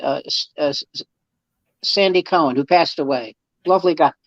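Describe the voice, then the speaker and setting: A man's voice: a little high, normal speed, a bit bright, no room sound. A man, a comedian guest, telling anecdotes in casual chat and acting out the quoted dialogue, with many restarts. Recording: dull dry lo-fi sound.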